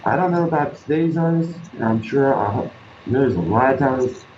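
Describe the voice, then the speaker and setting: A man's voice: mid-range voice, expressive, moderate pace, noisy background. A man, an artist guest in an interview, telling stories in an earnest, rambling way. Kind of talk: casual interview talk. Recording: roomy, dull lo-fi sound.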